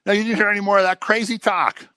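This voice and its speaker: A man preaching a sermon in a conversational, animated way, sometimes acting out the people he quotes. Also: high-pitched, fast talker, smooth, dry recording.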